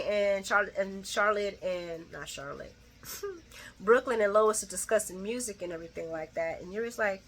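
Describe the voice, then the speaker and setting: A woman's voice: a little high, expressive, moderate pace, bright, forceful tone. A middle-aged woman giving a casual, chatty soap opera recap to her viewers, acting out the characters' lines and laughing often.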